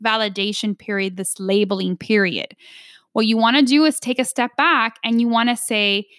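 A woman's voice: on the high side, steady tone, normal speed, a bit bright, dry recording, clean studio sound. A woman coaching an audience on negotiation in an emphatic instructional talk, often tagging her points with "right?".

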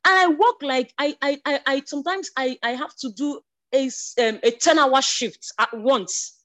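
A woman giving a spoken church testimony, stumbling over restarts, then rising to emotional, near-shouted declarations. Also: high voice, normal speed. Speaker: church member sharing a testimony.

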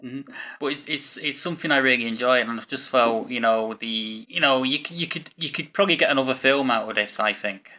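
Man, interviewer, bright and forceful tone, mid pitch, hesitant with lots of fillers. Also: brisk. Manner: hesitant, many fillers and restarts. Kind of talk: casual interview conversation.

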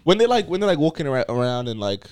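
A young New man on a podcast who teases his friends, laughs a lot and talks in slangy bursts. His voice is high and very animated. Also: quick pace, clear, resonant tone. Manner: teasing, laughs often, slangy. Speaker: podcast co-host. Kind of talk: casual chat.

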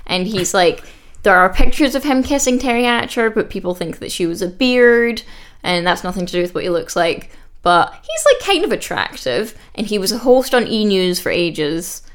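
A woman, chatting casually on a podcast as she retells a reality show episode in a lively, giggly way. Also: medium pitch, moderate pace. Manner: animated storyteller, giggly, acts out the quotes.

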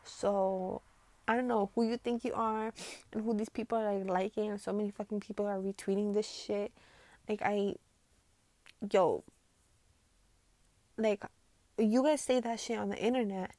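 A woman vlogging her reactions to posts in a casual, profane rant, swinging between loud outbursts and muttered asides, full of "like". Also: mid-range voice, steady tone, normal speed, pauses often, no room sound. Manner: heavy swearing and filler "like".

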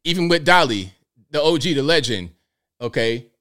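A man's voice: fairly high pitch, moderate pace. Joking man hosting a live stream. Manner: joking, animated, talks to viewers, slangy. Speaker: show host. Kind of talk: casual live-stream commentary.

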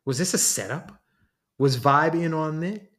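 Guy reading a podcast story chapter, steady and plain. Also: fairly high pitch, unhurried. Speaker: narrator. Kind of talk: story narration.

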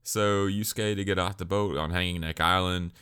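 A man's voice: low-pitched, fairly even intonation, moderate pace, pushed and bright, smooth. A man rambling casually through an anime review, joking and swearing as he goes.

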